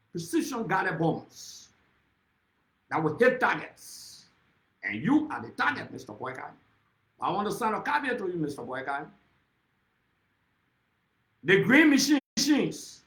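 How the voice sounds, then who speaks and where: Fiery high-voiced Liberian man. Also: a bit bright, roomy sound, rough recording. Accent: Liberian English. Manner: accusatory, repeatedly addressing his target by name. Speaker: political speaker. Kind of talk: impassioned political speech.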